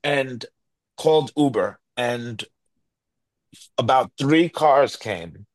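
A middle-aged man tells a story in a loose, rambling way, full of restarts and fillers. His pitch sits in the middle range, and he puts on the voices of the people he quotes. The sound is dry and close, with no room echo. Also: very slow. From New York. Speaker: guest. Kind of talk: animated storytelling.

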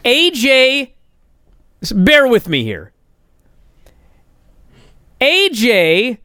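Exasperated man recapping, lively high voice. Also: extremely slow, pauses often, no room sound, studio quality. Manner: exasperated, sarcastic, rising to indignant outbursts. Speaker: wrestling show reviewer. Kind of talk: casual recap commentary.

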